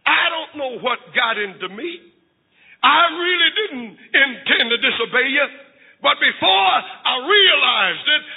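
A man's voice: very high voice, heavily acted. A man voicing a guilty, tearful young boy who pleads and cries out as he confesses. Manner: pleading, crying out in sobs. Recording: tinny lo-fi recording in echoing hall.

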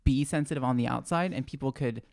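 Fast-talking young man, reflective guest. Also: mid-range voice, creaky. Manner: reflective, fast, frequent soft agreement sounds. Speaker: podcast guest. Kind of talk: casual chat.

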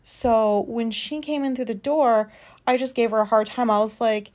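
A woman's voice: a little high, fairly even intonation, moderate pace, a little mellow. A woman in her thirties talks through a loose solo podcast episode from her recliner at home. Her delivery is casual and frank, full of fillers, and she swears without hesitation. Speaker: podcast host.

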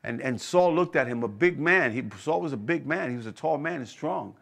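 A man delivering a sermon in a fairly high speaking voice. He preaches with strong emphasis, repeats his key phrases and checks in with the listeners by asking whether they hear him. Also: lively intonation, fairly quick, gravelly, fairly bright tone. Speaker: pastor.

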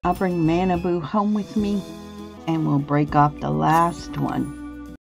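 Hosting a gameplay video, a woman offers relaxed, casual commentary, thinking aloud about her choices as she plays. Her low, gravelly voice moves at a slow pace, with faint game music in the background.

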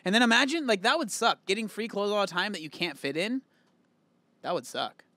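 A man's voice: high voice, expressive, fairly quick, noisy background. A man casually reacting to a video, candid and chatty, thinking aloud as he comments. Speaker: reaction host.

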